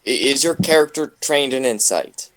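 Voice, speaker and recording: A man acting as game master in a casual tabletop role-playing session, relaxed and a little hesitant. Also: medium pitch, normal speed, rough recording.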